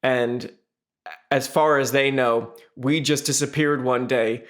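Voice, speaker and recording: A middle-aged man co-hosts a podcast in relaxed, casual chat. He talks in a halting, self-deprecating way and often restarts his sentences. His voice sits at an ordinary middle pitch. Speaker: podcast co-host.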